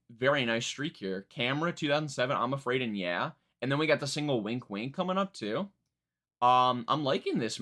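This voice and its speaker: A man's voice: mid-range voice, bright, forceful tone. A young man streaming a live album reaction, chatting casually in a rambling, self-mocking way.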